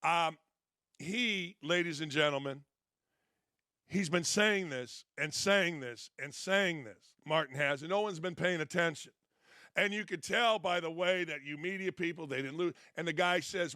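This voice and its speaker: A man's voice: on the high side, normal speed, bright, forceful tone, no echo, clean studio sound. A middle-aged man, a former coach now hosting a sports show, giving blunt commentary that hammers each point by repeating it. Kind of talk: opinionated commentary.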